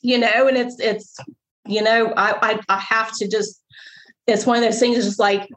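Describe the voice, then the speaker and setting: A middle-aged woman with a fairly high voice tells her story as an interview guest. She rambles, restarts and grows emotional as she talks. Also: little pitch movement, normal speed, fairly bright tone, poor audio. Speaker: guest, bakery owner.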